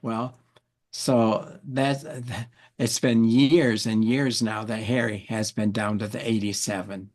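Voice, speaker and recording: A man, an interview guest, telling an animated story, often repeating words and acting out what people said. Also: fairly low pitch, takes it slowly. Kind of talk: anecdotal storytelling.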